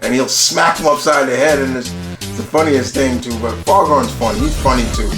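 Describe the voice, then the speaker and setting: A man's voice: medium pitch, brisk, reverberant, music in the background. A man casually talking through a ranked list of favourite cartoon characters, rambling and restarting often, with casual swearing. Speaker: channel host ranking cartoon characters.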